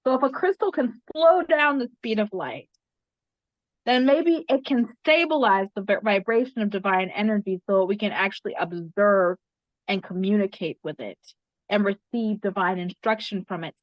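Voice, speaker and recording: A woman speaks as an interview guest at normal speed in a mid-range voice, earnestly describing a spiritual experience and repeating phrases for emphasis. The recording is dry with no echo and sounds slightly muffled.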